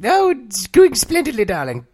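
A man voicing a posh, haughty, demanding woman in a comedy podcast improv bit, with a high, prim, drawn-out voice. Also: wildly swooping pitch, a little mellow, slightly rough, heavily acted.

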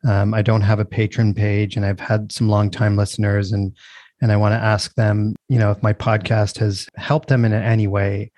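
A man hosts a podcast in a low, mellow voice. His questions come gently and haltingly, recorded dry and close. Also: dry recording. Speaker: podcast host. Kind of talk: podcast interview.

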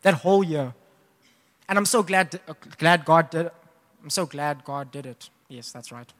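A young man preaching a sermon, telling a personal story in a casual, animated way with laughs. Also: on the high side, normal speed. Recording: long hall reverb.

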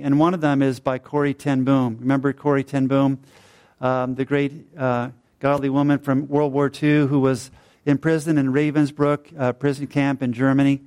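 A man's voice: medium pitch, darkish tone, clear, resonant tone. A middle-aged man preaching a sermon, telling stories in a conversational way with fillers and tag questions.

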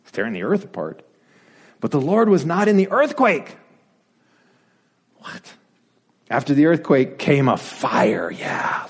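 A male pastor preaching a sermon in a playful, animated way, dropping to whispered asides as he acts out the story. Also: mid-range voice, creaky, breathy edge.

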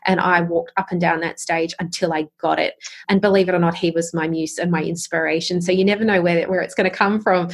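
Middle-aged woman host, low husky voice, earnest motivational talk. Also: fairly even intonation, fairly quick. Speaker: podcast host and dance coach. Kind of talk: casual interview chat.

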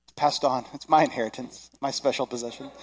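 A man, probably in his thirties, preaching a sermon in a conversational, animated way, acting out little voices. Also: mid-range voice. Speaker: pastor.

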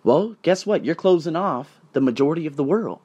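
A man hosting his own podcast, telling personal stories in a casual motivational monologue, swinging between loud emphasis and quiet asides. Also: on the high side, expressive, a little fast, slightly rough, dull audio. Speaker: podcast host.

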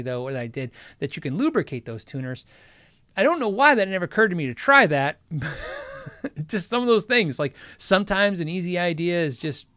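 Chatty guy hosting a guitar stream, kinda high voice, dry close sound, rambles and jokes a lot. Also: a bit bright, no room sound. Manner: rambling, chatty, frequently sidetracked; joking, self-interrupting. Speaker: host of a guitar gear livestream. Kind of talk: casual chat answering live chat.

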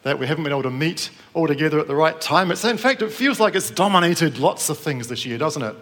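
A man's voice: fairly high pitch, expressive, fast talker, a bit bright. A middle-aged man from New Zealand preaching to a live congregation, telling a personal story in a conversational way and asking the room questions.

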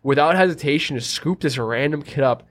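A man's voice: fairly high pitch, fairly quick. A man chatting casually on a podcast, telling stories in a laid-back, slangy way. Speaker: podcast guest or co-host. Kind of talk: casual chat.

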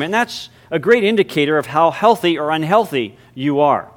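Man preaching with emphatic, drawn-out stresses. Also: a little high, animated. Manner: hushed, reverent prayer voice. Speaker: pastor. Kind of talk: sermon; spoken prayer.

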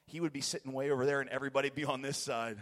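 A passionate American man tells a rambling church testimony, breaking into laughter and bursts of excitement. His voice sits at an ordinary middle pitch. The sound carries a long, echoing reverb from a large church hall. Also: racing. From United States. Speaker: guest preacher giving a testimony. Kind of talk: sermon testimony storytelling. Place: church sanctuary.

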